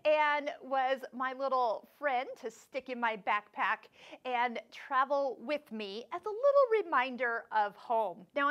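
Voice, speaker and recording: A woman's voice: high-pitched, fairly bright tone, highs cut off. A woman hosting a sewing channel, telling a travel story in a chatty vlog, laughing often and acting out what people said. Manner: chatty, laughs often, acts out quoted voices.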